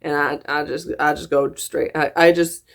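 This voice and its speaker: A woman's voice: sits low, little pitch movement, normal speed, creaky. A woman with a slight Southern US drawl, hosting a casual reaction video in a rambling, giggly, self-mocking way. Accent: slips into a Southern US drawl.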